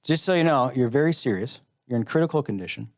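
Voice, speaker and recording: A man's voice: mid-range voice, expressive, fast talker. A middle-aged American man tells a personal story in a live interview. He speaks in a mid-range voice, candid and earnest with a dry wry humor, and slips into the voices of the people he quotes. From United States. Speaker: interview guest, musician.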